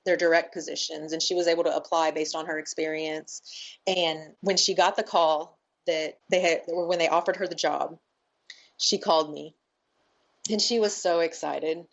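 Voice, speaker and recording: A woman's voice: sits low, normal speed, vocal fry, highs cut off. A woman guest on a podcast, telling a heartfelt story in casual conversation and acting out what people said. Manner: emotional, animated storyteller who acts out quoted talk. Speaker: podcast guest, nonprofit founder.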